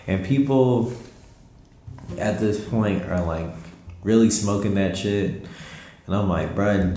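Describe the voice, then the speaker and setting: A man's voice: lowish voice, takes it slowly, pauses often, warm tone. A tired young man rambling in slangy, laid-back casual talk as a podcast host at home late at night. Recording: roomy echo with faint music.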